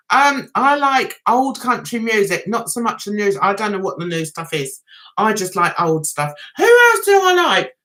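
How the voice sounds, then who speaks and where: A woman's voice: fairly high pitch, sharp tone. A woman with a London accent hosting a casual livestream, rambling and chatty with viewers, laughing and singing snatches of songs. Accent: London English. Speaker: livestream host.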